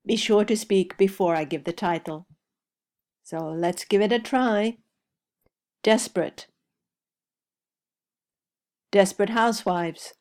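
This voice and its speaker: Slow, deliberate woman teaching a drill. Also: medium pitch, darkish tone. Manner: slow, deliberate, clearly spaced words. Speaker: language teacher. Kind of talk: slow scripted pronunciation drill.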